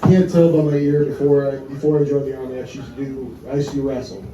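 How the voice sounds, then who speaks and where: A man's voice: mid-range voice, little pitch movement, quick pace, lo-fi sound, noisy background. A young male comedian from Wisconsin working through a profane stand-up set. He is heard from a little way off in an echoey club room, with the crowd laughing around him. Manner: crude, profane storytelling with audience laughter. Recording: roomy club sound from a distance, crowd laughter.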